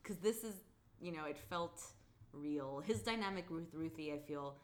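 A woman's voice: low-pitched, moderate pace, slight background noise. A woman co-hosting a podcast, casually recapping a TV episode, chatty and laughing often with lots of "like". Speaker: podcast co-host.

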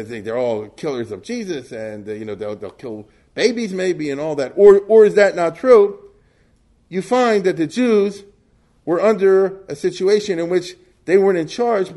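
Male lecturer, fairly high voice, chatty rambling delivery, rhetorical questions, lots of fillers. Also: a little mellow. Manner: conversational, rambling, many fillers and asides; asks rhetorical questions and answers them. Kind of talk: history lecture.

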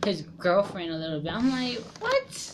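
A woman's voice: fairly high pitch, brisk, background noise. A young woman chatting casually with friends, telling stories in slang and acting out what people said. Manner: animated storyteller, slangy, acts out quotes. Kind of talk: casual chat among friends.

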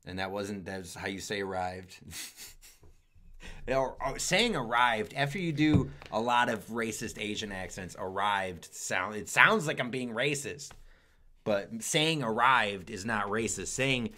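Lively, bright-voiced man joking around. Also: on the low side, unhurried. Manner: joking, profane, laughing often. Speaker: podcast co-host. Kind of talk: casual podcast banter.

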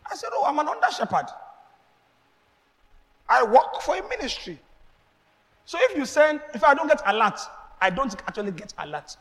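A high-pitched man preaching a lively sermon, his voice bright and carrying. His pitch leaps up and down as he acts out conversations and laughs between points. The sound rings with the long reverb of a church hall. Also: moderate pace, long pauses. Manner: animated preaching with acted exchanges and laughter. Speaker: pastor.

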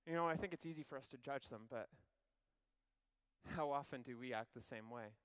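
A man preaching a sermon, retelling a story in an animated, conversational way with wry asides. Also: medium pitch, fairly quick, clear, resonant tone.

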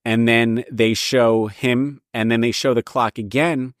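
A man's voice: medium pitch, fairly even intonation, measured pace, no room sound, studio quality. A man hosting a show, talking in a casual monologue that rambles and repeats points with frequent restarts. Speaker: show host.

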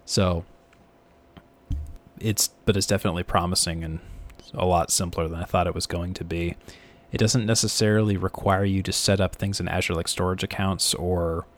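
Low-voiced man casually talking tech. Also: steady tone, normal speed. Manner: rambling, self-deprecating, frequent restarts. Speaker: podcast co-host.

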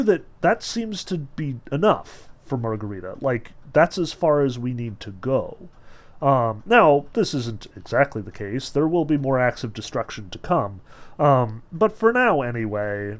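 A man lecturing casually on a novel, reading passages aloud between loose, filler-heavy explanations with animated emphasis. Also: mid-range voice. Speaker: literature lecturer.

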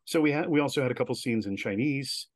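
A man guest telling stories in a casual interview, chatty and animated, with many filler words. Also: medium pitch, fast, dry recording. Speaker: guest, director and writer.

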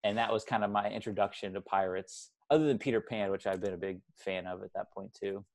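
Young guy, low voice, rambles and restarts a lot on a movie podcast. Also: steady tone, a little fast. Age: 20s. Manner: rambling, self-correcting, chatty. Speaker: podcast co-host. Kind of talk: casual movie podcast chat.

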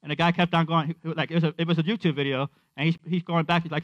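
A man's voice: on the high side, little pitch movement, rapid-fire, dry recording. A man preaching a conversational sermon, repeating his refrains and acting out quotes.

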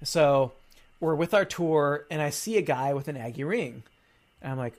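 A man in his thirties with a slightly high voice, spinning a story in loose, casual chat. His pitch swings widely as he acts out the back-and-forth of the people in it. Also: normal speed. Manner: animated storyteller, acts out quoted dialogue.

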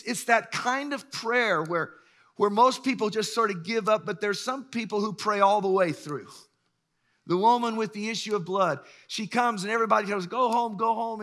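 A pastor in his sixties preaching a sermon, emphatic and swinging between loud bursts and hushed lines. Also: high voice. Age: 60s.

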